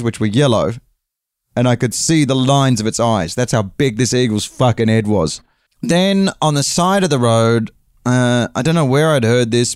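A man's voice: medium pitch, clear, resonant tone, no room sound, clean studio sound. A man with an English accent telling a long, rambling story casually, with frequent swearing and self-corrections. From England.

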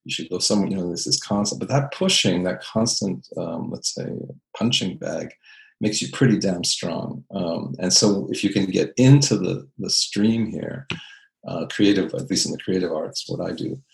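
A man's voice: sits low, moderate pace, creaky, low-quality recording. A man from Canada, an architect and designer, reflecting on his career in an interview, thoughtful and full of fillers and restarts.

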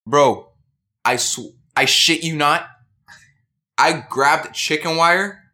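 Bright-voiced young man telling a story. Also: a little high, slow pace. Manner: earnest, excitable storyteller. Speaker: podcast co-host. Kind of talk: casual storytelling chat.

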